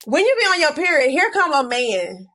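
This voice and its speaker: A woman's voice: sits high, big pitch swings, moderate pace, pushed and bright. A woman co-hosting a podcast in casual chat, playful and joking, laughing often. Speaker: podcast co-host.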